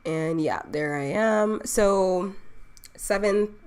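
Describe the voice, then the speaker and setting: A woman's voice: mid-range voice, slow, a little mellow, smooth. A young woman from the Bahamas, an online business owner, hosting a casual live stream and talking her viewers through her plans. She chats easily, keeps checking in with "okay?" and laughs at herself.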